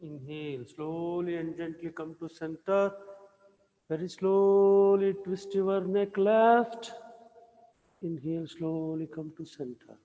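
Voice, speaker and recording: A man with a fairly high voice gives slow, repeated cues to inhale, exhale and move gently. He leads a guided yoga practice, and his voice rings in an echoey room with a long reverb tail. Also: narrow, tinny audio. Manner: slow, repetitive breathing and movement cues. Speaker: yoga instructor.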